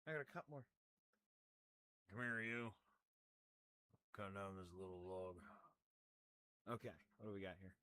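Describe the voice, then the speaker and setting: A man's voice: low voice, lively intonation, a little fast, pauses often, fairly bright tone, slight background noise. A man talking casually to the camera while he crafts, rambling and joking at his own expense. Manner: rambling, self-mocking, plays with words. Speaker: hobby crafter making model trees.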